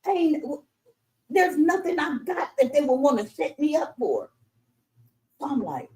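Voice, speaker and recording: A woman's voice: high-pitched, sing-song, measured pace, long pauses, a little mellow, low-quality recording. A middle-aged woman from Los Angeles telling her life story in a casual interview, cursing freely and acting out the voices of the people in it. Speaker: interview guest.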